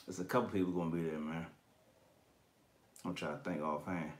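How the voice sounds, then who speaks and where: A man's voice: low voice, steady tone, a little fast. A man hosting a collectibles channel, chatting casually on a livestream and reading viewer comments. His talk is slangy and profane, and he laughs often.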